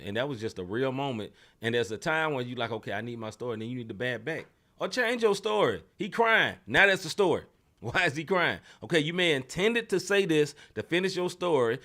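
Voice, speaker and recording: A young man co-hosting a casual sports podcast, animated and laughing often as he acts out quotes. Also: medium pitch. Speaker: podcast co-host.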